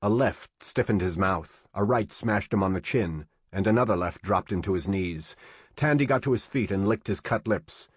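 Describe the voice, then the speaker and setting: A man narrating an audiobook in a steady, measured storytelling manner. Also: on the low side, breathy edge, no echo.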